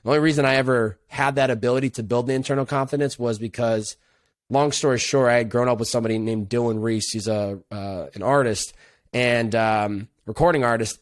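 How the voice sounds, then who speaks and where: Young man, podcast guest, earnest, reflective, casual slang, middle pitch, dry close sound. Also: fairly even intonation, fast, no room sound. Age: young adult. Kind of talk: casual interview conversation.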